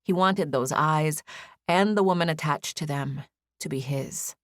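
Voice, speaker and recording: A woman with a lowish voice reads a novel in an even, measured way. The recording is close and very dry, as if from a treated studio booth. Her pacing stays steady through the narration. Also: dry recording. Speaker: audiobook narrator. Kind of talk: scripted narration.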